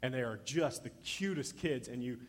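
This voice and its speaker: A man preaching a sermon as pastor, telling the story in an animated way and acting out the voices he quotes. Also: mid-range voice, moderate pace, in a large hall.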